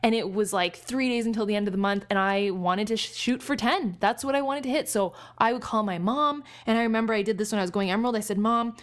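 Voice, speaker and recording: Fast-talking energetic woman coach. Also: medium pitch. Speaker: business coach. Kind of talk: coaching podcast talk.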